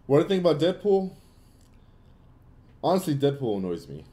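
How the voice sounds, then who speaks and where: A man's voice: on the high side, very animated, fairly quick, warm tone. A young man hosting a casual gaming Q&A livestream, giving blunt opinions in loose, filler-heavy talk. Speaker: livestream host answering chat.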